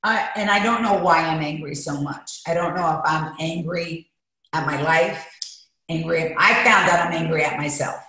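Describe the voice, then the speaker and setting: A woman's voice: sits low, moderate pace, bright, forceful tone. A woman guest talking candidly and emotionally, rambling as she shares her feelings in an interview. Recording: echoey room.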